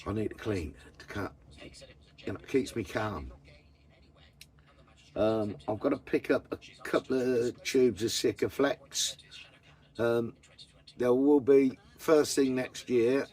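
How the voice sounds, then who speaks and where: A man's voice: medium pitch, slow pace, long pauses, darkish tone. A man chatting casually to camera about his camper van, blunt and full of swearing. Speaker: vanlife vlogger.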